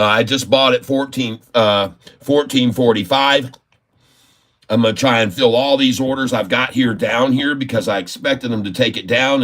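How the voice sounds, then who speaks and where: A man's voice: mid-range voice, fairly bright tone. A man giving live-stream trading commentary, effusive and folksy, often laughing as he talks. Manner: laughs often while talking.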